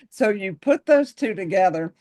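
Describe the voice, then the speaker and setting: A woman's voice: mid-range voice, darkish tone. A woman interviewing a guest and chatting in an easygoing, amused way. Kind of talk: casual interview chat.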